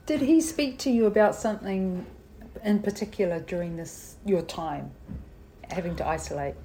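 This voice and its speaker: Mellow woman host asking soft questions, calm and affirming, faint hiss behind. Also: medium pitch, moderate pace, low-quality recording. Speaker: interviewer. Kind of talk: gentle interview questions.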